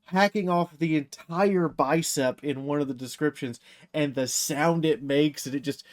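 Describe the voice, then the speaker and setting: A man with a fairly high voice, chatting on a podcast. He is enthusiastic as he describes scenes and swears casually. His delivery is loose and conversational. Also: unhurried. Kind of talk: casual podcast chat about a novel.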